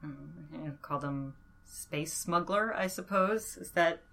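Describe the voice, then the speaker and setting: Podcast guest: woman linguist, low voice, thoughtful and hedging. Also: slow pace, vocal fry, crowd noise. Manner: thoughtful, with many fillers and laughs. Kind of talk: podcast interview.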